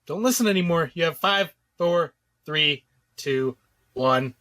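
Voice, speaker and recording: A man's voice: on the high side, expressive, unhurried, pushed and bright. A man co-hosting a podcast, giving playful, jokey warnings in casual chat. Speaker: podcast co-host.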